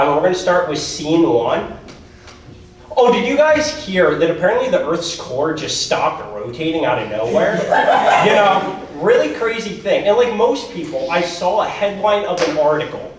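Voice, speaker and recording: Guy doing rambly self-deprecating standup, voice going hoarse, fairly high pitched, big echoey hall from far away. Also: a little hiss or hum. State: losing his voice. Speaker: stand-up performer at a school talent show. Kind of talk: stand-up comedy storytelling. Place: school auditorium stage with audience.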